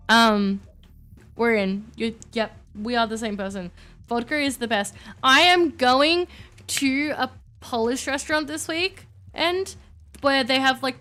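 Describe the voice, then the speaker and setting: A woman streamer in casual live-stream chat, excitable, loud and gushing. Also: a little high.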